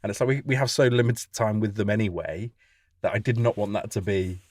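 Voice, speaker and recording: Low-voiced dad talking candidly. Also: male voice, brisk, a little mellow, no echo, studio quality. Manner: candid, reflective. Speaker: podcast co-host. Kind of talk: casual chat.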